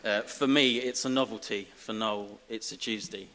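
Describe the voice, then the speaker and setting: A man from giving a self-deprecating, comic acceptance speech as an honorary graduate, halting over fillers. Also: lowish voice, steady tone, bright, forceful tone. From Essex, England. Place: large ceremony hall. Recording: reverberant hall with faint hiss.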